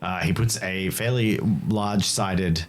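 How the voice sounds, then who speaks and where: A man's voice: sits low, measured pace. A man with an Australian accent narrating a tabletop game as game master, playful and laughing often. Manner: playful, laughing, voices the innkeeper.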